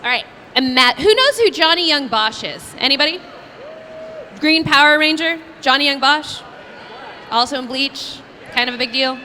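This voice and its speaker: A woman voice actress telling stories at a convention Q&A, chatty and animated, laughing often. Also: high-pitched, normal speed, a little hiss or hum. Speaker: voice actress guest. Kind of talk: convention Q&A storytelling. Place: convention panel room.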